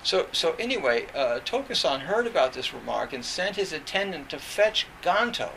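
A man's voice: a little high, very animated, moderate pace, creaky, pushed and bright, slight background noise, poor audio. A man teaching as a Zen teacher in an informal dharma talk, meandering with many restarts and "you know" fillers.

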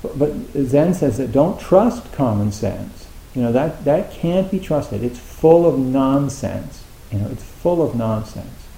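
A man's voice: mid-range voice, expressive, unhurried, vocal fry, few pauses, mellow, roomy sound, slight background noise, poor audio. A man giving a Zen dharma talk in a conversational way, acting out his students' thoughts and using many fillers. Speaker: Zen teacher.

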